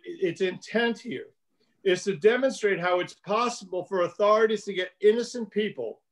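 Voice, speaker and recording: High-voiced man lecturing on a video call. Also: rough recording. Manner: measured, explanatory, addresses students by name. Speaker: teacher.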